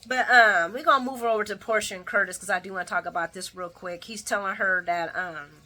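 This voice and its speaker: A woman's voice: medium pitch, fairly quick. A woman giving a chatty daily soap opera recap, talking straight to her viewers and talking back at the characters. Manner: expressive, talks back at characters, laughs often; chatty, addresses viewers directly. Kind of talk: casual daily recap commentary.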